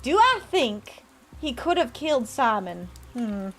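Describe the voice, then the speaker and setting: A woman livestreams a game, chatting playfully with viewers in a high, animated voice with big pitch swings at a measured pace. Between comments she reads the game's lines aloud. Soft music plays faintly underneath.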